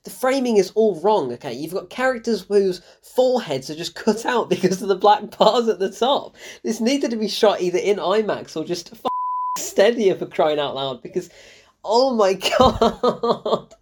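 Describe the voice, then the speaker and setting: A woman's voice: medium pitch, expressive, moderate pace, a little mellow, husky. A woman giving an exasperated, swearing film review, often breaking into laughter.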